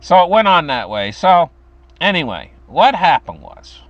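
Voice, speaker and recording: A man's voice: on the high side, very animated, a little slow, no room sound, lo-fi sound. A man in his fifties from the United States, telling a childhood story in a meandering, chuckling way. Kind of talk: casual personal storytelling.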